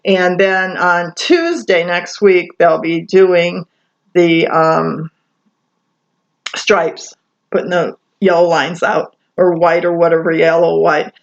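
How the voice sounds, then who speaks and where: A woman's voice: on the low side, takes it slowly, creaky. Rambling woman in a muffled home recording. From Michigan, USA. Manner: rambling, many fillers and restarts. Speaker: vlogger. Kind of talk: rambling casual monologue. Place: apartment kitchen at night.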